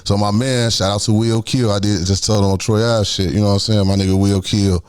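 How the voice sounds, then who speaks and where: A man with a Chicago accent tells a street story in a fast, animated rush. His voice sits fairly low, and he jumps into loud acted-out quotes before dropping back to a low murmur. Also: smooth. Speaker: guest telling his life story. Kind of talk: casual storytelling.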